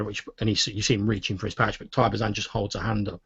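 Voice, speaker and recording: Gravelly male game master narrating. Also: on the low side, fast talker, hardly any pauses, no room sound. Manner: relaxed storyteller, many fillers. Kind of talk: narrating a tabletop role-playing game. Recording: dull, dry lo-fi audio.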